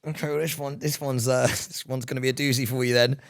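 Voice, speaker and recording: A man's voice: mid-range voice, level tone, fast talker. A man co-hosting a podcast, teasing his partner and laughing often in casual chat. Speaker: podcast co-host.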